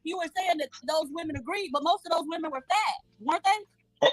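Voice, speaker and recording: High-voiced argumentative woman panelist. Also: a little fast, dry recording, poor audio. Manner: argumentative, interrupting. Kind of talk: casual debate chat.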